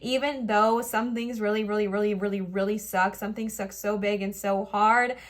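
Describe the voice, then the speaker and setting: A woman's voice: medium pitch, fairly even intonation, normal speed. A woman giving a pick-a-card tarot reading to camera. She heaps earnest, emotional encouragement on the viewer and says more than once that she is close to tears. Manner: warm, effusive encouragement addressed straight to the viewer. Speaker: tarot reader.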